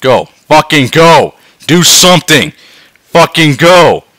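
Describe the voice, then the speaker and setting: A man swearing his way through a game, dropping to tired mutters and then yelling in excitement. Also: a little high, takes it slowly, no echo, studio quality. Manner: swearing, swinging between mutters and yelps. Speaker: gameplay commentator. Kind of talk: profane let's-play commentary.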